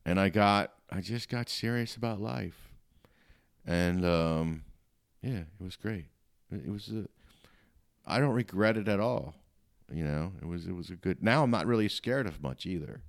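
Very deep gravelly man telling stories. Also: normal speed. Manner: blunt, streetwise, matter-of-fact. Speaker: podcast guest, comedian. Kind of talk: casual storytelling chat.

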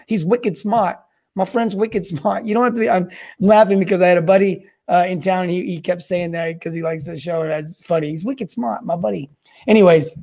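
A high-pitched, gravelly voice belongs to this podcast host, who runs a solo show on plumbing service and sales. His delivery is energetic and rambling, with lots of repeated and restarted words.

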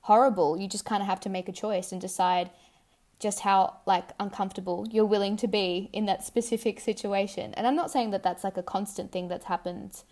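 A woman's voice: mid-range voice, steady tone, fairly quick, darkish tone. A young Australian woman hosting a podcast, talking thoughtfully and rambling a little with fillers. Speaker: podcast host. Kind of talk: casual podcast chat.

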